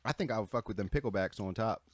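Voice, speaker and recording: A man's voice: lowish voice, fast talker, no room sound. A young man hosting a casual podcast, tasting burgers and fries with friends and talking loosely with plenty of swearing. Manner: loose, profane, talks with food. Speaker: podcast host. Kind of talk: casual chat, food tasting. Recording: faint background noise.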